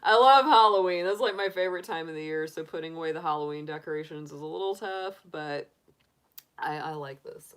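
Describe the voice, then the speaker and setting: A woman's voice: low-pitched, brisk, clear, resonant tone. A middle-aged woman hosting a livestream, chatting casually with viewers in a giggly, rambling way full of laughs and restarts. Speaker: tarot reader livestream host. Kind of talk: casual chat answering live viewers.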